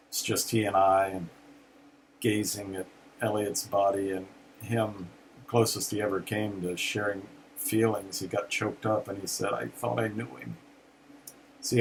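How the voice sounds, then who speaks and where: An older male pastor telling a personal story slowly, pausing often with fillers. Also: lowish voice, a little hiss or hum, low-quality recording. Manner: slow, reflective storytelling with many pauses and fillers. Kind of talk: personal testimony in a sermon.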